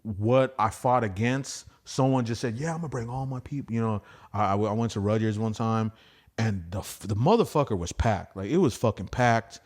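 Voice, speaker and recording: A man's voice: on the low side, moderate pace, darkish tone. Profane rambling male comedian. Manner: profane, rambling, acts out quoted voices. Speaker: stand-up comedian guest. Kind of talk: casual podcast storytelling.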